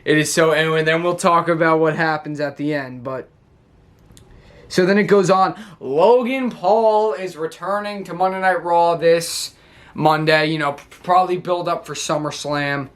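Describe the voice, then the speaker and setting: A young man hosting a casual wrestling recap video, chatty and excitable, quick to laugh. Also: on the high side. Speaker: wrestling show recap YouTuber.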